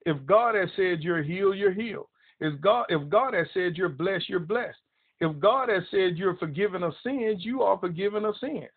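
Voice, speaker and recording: A man's voice: high voice, lively intonation, normal speed. A man preaching a broadcast sermon, emphatic and repetitive as he quotes scripture. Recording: tinny phone-line audio.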